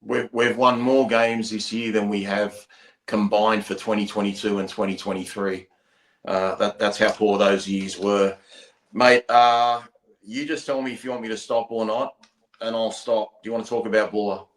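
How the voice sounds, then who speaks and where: A man's voice: fairly low pitch, flat delivery, moderate pace, reverberant. An Australian man hosting a casual fan podcast, blunt and matey in his talk. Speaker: podcast host.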